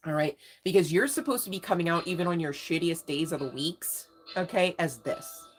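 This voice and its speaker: A woman's voice: on the low side, a little fast. A woman giving a casual live tarot reading, slangy and emphatic, talking straight to her viewers. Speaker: tarot reader. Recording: faint music in background.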